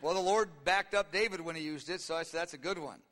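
A man in his fifties preaches with a high, bright and forceful voice that carries a long hall reverb. He is animated and acts out the voices in the story, suddenly leaping up in pitch, then dropping into low asides. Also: fast talker. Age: 50s. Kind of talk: sermon.

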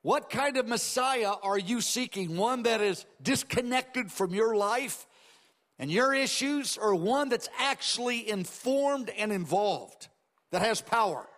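A man with a notably high speaking voice preaches in an easy, explanatory way, shifting between teaching and acted-out asides. His voice trails off into a long reverb, as in a church sanctuary. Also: expressive, a little slow, fairly bright tone. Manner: conversational expository preaching with dramatized asides. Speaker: pastor. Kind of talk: sermon.

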